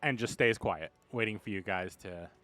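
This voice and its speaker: A man narrating as game master in a casual, halting way. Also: fairly low pitch, bright, forceful tone, no room sound, soft background music.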